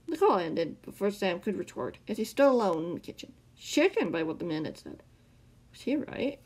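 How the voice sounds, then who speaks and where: A woman narrates her own fan fiction aloud. Her pitch moves up and down expressively. She sometimes stumbles and corrects herself mid-sentence. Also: very animated, moderate pace, a little mellow, husky. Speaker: storyteller.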